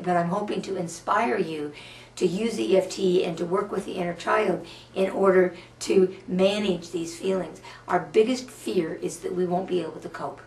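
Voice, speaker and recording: A woman counselor leading a guided tapping exercise, speaking slow soothing affirmations with repeated phrases. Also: lowish voice. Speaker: EFT practitioner and counselor. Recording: roomy, from a distance.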